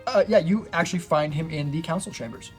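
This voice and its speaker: A man's voice: fairly high pitch, lively intonation, fast, faint music behind. Chatty male dungeon master. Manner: casual, rambling, many fillers. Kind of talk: narrating a tabletop game.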